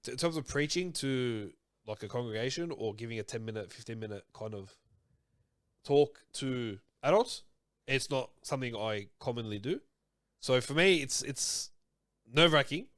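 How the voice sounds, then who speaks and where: Aussie guest guy, relaxed slangy chat, mid voice, no room sound. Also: medium pitch, normal speed, dry recording, studio quality. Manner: laid-back, laughs along, slangy. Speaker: podcast guest. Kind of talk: casual chat.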